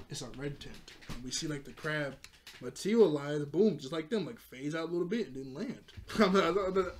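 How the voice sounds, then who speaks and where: A man's voice: a little high, darkish tone, a little hiss or hum. A young man casually recapping a cartoon episode, rambling with lots of fillers and frequent laughs. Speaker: video reviewer.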